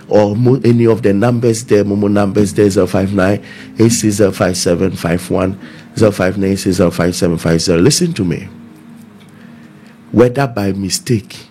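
A man's voice: on the low side, mellow, slight background noise. Emphatic pastor, man. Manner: emphatic, repeats key phrases. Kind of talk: preaching and appeal for offerings.

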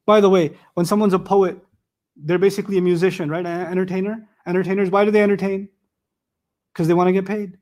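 A man with a notably high-pitched voice teaches a lesson of Quran commentary. He talks in an animated way, throws rhetorical questions at his listeners, and breaks into recited Arabic verses. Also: fast talker. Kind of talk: tafsir lecture.

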